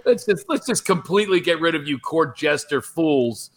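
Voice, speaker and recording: Man, middle-aged comedian, slightly high voice, rambling restarts, remote-call interview. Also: moderate pace. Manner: rambling, animated storyteller with many restarts. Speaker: comedian guest. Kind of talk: casual podcast interview.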